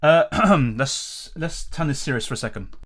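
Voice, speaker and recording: A man's voice: fairly high pitch, lively intonation, normal speed, a bit bright. A young man hosting a live stream, reading viewer questions aloud and answering in a casual, rambling way. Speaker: fantasy football streamer.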